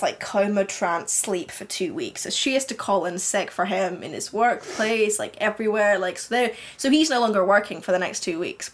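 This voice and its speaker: Woman podcast co-host, medium pitch, chatty and giggly, loose storytelling with lots of "like" and restarts. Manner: rambling, many fillers and restarts, giggly. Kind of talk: casual chat, retelling a fan story.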